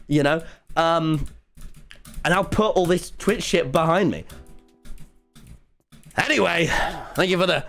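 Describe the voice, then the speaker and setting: English male streamer, lively high voice, sweary ranter, faint music underneath. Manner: rambling, profane, quick to rant. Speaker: livestreamer. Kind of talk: casual livestream chat while gaming.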